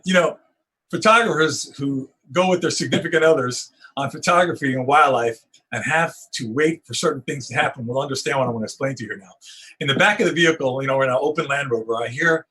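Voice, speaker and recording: A middle-aged man, a wildlife photographer, telling stories in an interview, acting out the moments with rising excitement. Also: mid-range voice, brisk, husky, low-quality recording. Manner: animated storyteller, acts out moments with rising excitement. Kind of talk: storytelling interview on a video call.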